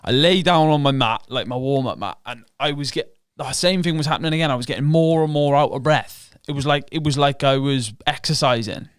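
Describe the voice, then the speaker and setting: A male professional fighter, appearing as a podcast guest, tells his story in casual interview fashion, frank and profane, acting out what he and others were thinking. His mid-range voice is brisk with few pauses and a clean tone. The recording is dry and studio quality.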